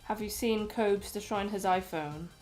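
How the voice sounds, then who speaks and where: A woman's voice: mid-range voice, a little slow, darkish tone, soft background music. A woman co-hosting a stream, reading chat messages aloud and tossing in dry, teasing jokes.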